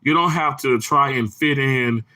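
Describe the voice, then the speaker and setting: A man's voice: mid-range voice, unhurried, bright, forceful tone. A man from Mississippi with a Southern accent, hosting a livestream and chatting casually with viewers, bubbly and laughing often. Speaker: livestream host. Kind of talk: casual chat reading viewer comments.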